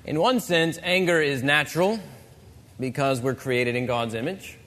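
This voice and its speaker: A man preaching a sermon as pastor, earnest and measured, with pauses. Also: on the high side, a bit bright. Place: church sanctuary. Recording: long church reverb.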